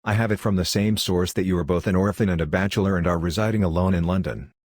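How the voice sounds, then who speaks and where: Secretive, insistent middle-aged colonel, read by a man in a low, dry voice. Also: fast talker, darkish tone, dry recording. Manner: insistent, probing.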